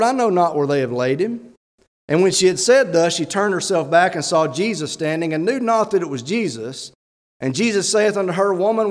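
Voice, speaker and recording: A fairly high-voiced man preaches a sermon as a church elder, pressing the room with rhetorical questions and reading scripture aloud. His voice carries a long reverb tail from a large hall.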